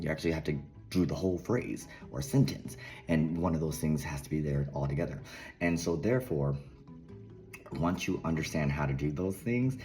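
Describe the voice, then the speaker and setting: A man's voice: very deep voice, mellow. A man with a Southern drawl, hosting a channel and casually talking through articles he read, rambling with asides and mutters while speaking to his own camera. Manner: rambling, self-interrupting, drops into asides and mutters. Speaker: channel host. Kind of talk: casual commentary on reading articles.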